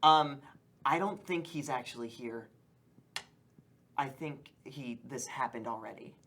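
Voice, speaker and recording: A woman's voice: rumbling low, unhurried, fairly bright tone. A woman player in a tabletop game, thoughtful and hesitant. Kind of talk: tabletop role-play chat.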